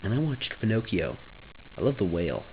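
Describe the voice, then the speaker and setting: A man's voice: lowish voice, sing-song, fairly quick, dull audio, a little hiss or hum. A young man vlogging casually, joking offhand, trailing off and restarting his thoughts. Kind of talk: rambling casual vlog.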